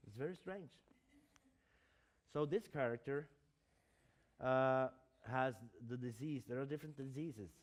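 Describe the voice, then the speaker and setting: A man's voice: medium pitch, unhurried, long pauses. A man, an acting teacher giving a lecture, hesitant and full of fillers and restarts.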